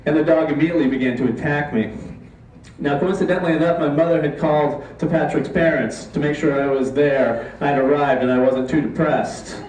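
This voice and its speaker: A man telling a comic true story on a live stage, with a deadpan, mock-dramatic delivery. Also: on the high side, fairly quick, slight background noise. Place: live stage before an audience. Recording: echoey room, distant mic, faint ambience.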